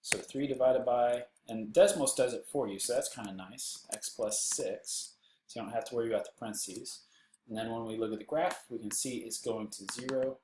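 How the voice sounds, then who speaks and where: A man's voice: mid-range voice, normal speed, a little mellow, reverberant, a little hiss or hum, rough recording. A man with a Texan accent teaching a recorded math lesson while seated, with playful jokes and silly voices on the side. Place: indoors, seated.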